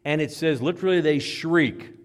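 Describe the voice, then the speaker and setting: A man preaching a sermon, telling the story dramatically and acting out cries, whispers and shouts. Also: a little high, moderate pace. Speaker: pastor.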